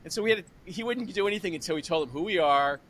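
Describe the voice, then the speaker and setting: A man in his sixties hosting a podcast interview, chatty and animated, acting out conversations as he retells them. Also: sits high, rapid-fire, slight background noise. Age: 60s. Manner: animated, retells phone calls with lively imitated voices. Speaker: podcast host. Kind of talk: casual interview.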